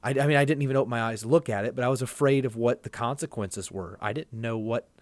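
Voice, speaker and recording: A man's voice: mid-range voice, quick pace, no room sound. A man telling a long personal story as a podcast guest, earnest and rambling, often restarting his sentences. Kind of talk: casual conversation.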